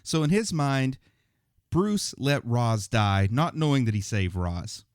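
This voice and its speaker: Animated, lively-pitched man on a podcast. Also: takes it slowly, clear, resonant tone, no room sound, studio quality. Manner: animated, breaks into playful impressions. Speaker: podcast co-host. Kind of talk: casual movie discussion. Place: podcast studio.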